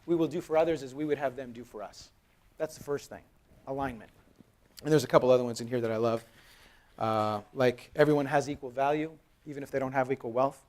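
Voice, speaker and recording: Fast-talking man giving a keynote. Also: medium pitch. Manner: lively, conversational, acts out dialogue with raised voice. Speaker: conference speaker, company co-founder. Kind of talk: storytelling keynote talk. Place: conference hall.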